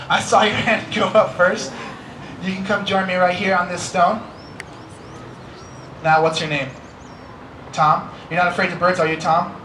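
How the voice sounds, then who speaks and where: A man's voice: high voice, sharp tone, slight background noise. Playful American man presenting a live bird show. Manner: playful, teasing, coaxing volunteers. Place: outdoor amphitheater stage. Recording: roomy live show sound with music.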